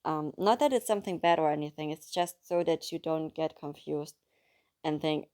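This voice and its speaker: Low-voiced German woman reading aloud. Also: moderate pace, dark tone. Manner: chatty and apologetic, with restarts. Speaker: book reader. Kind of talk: casual book introduction and reading aloud.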